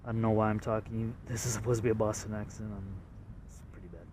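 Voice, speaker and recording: A man's voice: lowish voice, little pitch movement, quick pace, far from the mic, noisy background. A man from Canada casually walking through his drawings, hesitant and self-deprecating, with lots of fillers. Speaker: artist showing his drawings. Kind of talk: casual rambling walkthrough.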